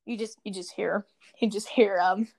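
A woman's voice: mid-range voice, steady tone, moderate pace, creaky, a little mellow, low-quality recording. A woman hosting a casual game review podcast, recapping the story in a rambling, jokey way. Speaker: podcast host.

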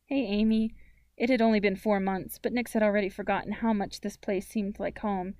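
A woman narrating a young-adult story in a calm, measured way. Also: medium pitch, dry recording, studio quality. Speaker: audiobook narrator.

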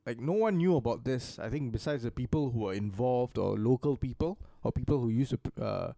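Guy on a podcast, mellow dark voice, dry close sound, rambles and swears. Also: mid-range voice, expressive, fairly quick, gravelly, dry recording. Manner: loose, swearing, explains at length. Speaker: podcast co-host. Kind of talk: casual podcast chat.

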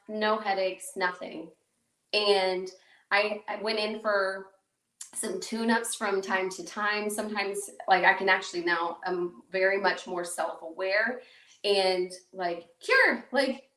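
A woman podcast host from the Chicago suburbs telling a personal story in a casual, animated way, full of fillers and acted-out quotes. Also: medium pitch, recorded from a distance. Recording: roomy echo, voice a bit off-mic.

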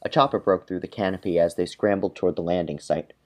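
A man on a podcast reading a dark comic story in a deadpan way and chatting with chuckling asides. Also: deep voice, quick pace.

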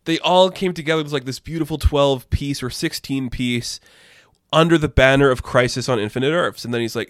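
Guy chatting comic news, kinda high voice, dry close sound, laughs a lot. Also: animated, moderate pace, no room sound. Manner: chatty, opinionated, laughs often; rambling asides. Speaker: comic book news commentator. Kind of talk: casual pop-culture commentary.

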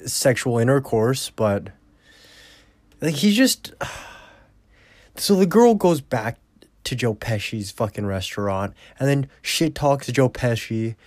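A man rambles through a movie recap in a casual, foul-mouthed way. He talks at a slow, drawn-out pace with a mid-range voice. The sound is dry and close, with no room echo. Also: medium pitch. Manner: profane, blunt and rambling. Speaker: movie reviewer.

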